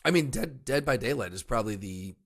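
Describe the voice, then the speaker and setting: A man's voice: mid-range voice, animated, brisk. A man co-hosting a podcast, chatting casually and telling stories in a loose, rambling way with many fillers. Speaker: podcast co-host. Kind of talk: casual chat.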